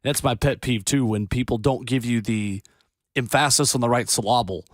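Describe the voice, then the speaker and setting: A man co-hosting a sports radio show who also calls games, explaining things in a measured, casual way. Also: mid-range voice, dry recording, clean studio sound. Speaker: sports radio co-host and play-by-play announcer.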